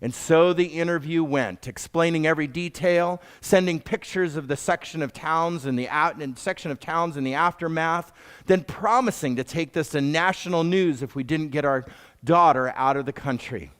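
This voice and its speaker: Earnest, smooth-voiced male storyteller. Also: fairly high pitch, normal speed, a bit bright. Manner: earnest, heartfelt. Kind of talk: live storytelling.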